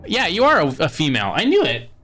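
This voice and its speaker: A video game streamer chatting through gameplay in a casual, animated way. The pitch swings around a lot, with frequent laughs and offhand swearing. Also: fast, a little hiss or hum.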